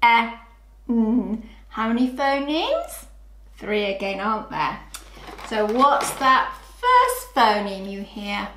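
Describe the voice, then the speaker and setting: A woman teaching young children phonics, sounding out letters clearly and asking them to join in. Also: mid-range voice, wildly swooping pitch, pushed and bright, roomy sound, slight background noise. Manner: slow, sing-song, clearly sounds out letters. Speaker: early years phonics teacher.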